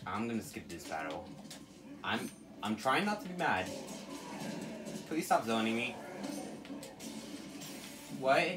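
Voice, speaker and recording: A gamer giving live commentary over a fighting game, exasperated, exclaiming and pleading at the opponent. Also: medium pitch. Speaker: let's play gamer.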